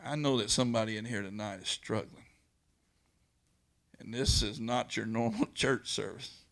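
A man's voice: fairly low pitch, normal speed, fairly bright tone, dry recording. A man, preaching in a folksy, earnest way and telling a personal story. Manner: folksy, earnest, repeats words and restarts. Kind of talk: informal storytelling sermon.

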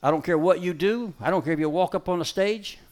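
A man with a drawl preaches from a stage, working a dog into his message. His voice sits a little high for a man. He is folksy and emphatic, dropping to quiet asides and then rising to loud calls. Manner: gives brisk dog commands. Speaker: preacher giving a dog-training demonstration. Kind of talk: live sermon demonstration. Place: stage before a live audience.

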